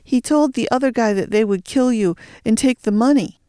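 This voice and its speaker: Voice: mid-range voice, moderate pace, dark tone, clear, resonant tone, dry recording, clean studio sound, pitched above the performer's own voice, lightly acted. A reader voicing a frightened, accusing boy. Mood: urgent. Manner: urgent, accusing. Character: frightened boy telling on the villain.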